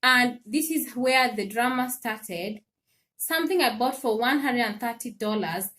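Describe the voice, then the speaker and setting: A woman hosting a casual livestream, telling an animated story with laughs and repeated phrases. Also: fairly high pitch, measured pace. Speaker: live stream host. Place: home in Sweden.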